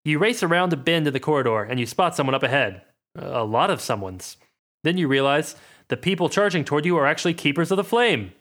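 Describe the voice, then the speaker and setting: A young man running a tabletop game, narrating with a bright, forceful voice. His pitch swings widely as he jokes his way through the story. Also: quick pace. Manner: animated, joking narration. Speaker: game master.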